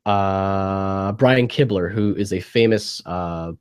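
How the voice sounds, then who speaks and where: Young male co-host, a bit low, congested and sniffly, loose jokey delivery over a video call. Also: slow pace, darkish tone, clear, resonant tone. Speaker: podcast co-host. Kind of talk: casual chat.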